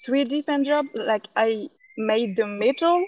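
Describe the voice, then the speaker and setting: Brief: French-accented woman guest outdoors, halting speech, muffled audio with birds. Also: fairly high pitch. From France. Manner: hesitant, searching for words with restarts. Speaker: guest, jeweler. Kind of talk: casual interview answers. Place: outdoors in a park.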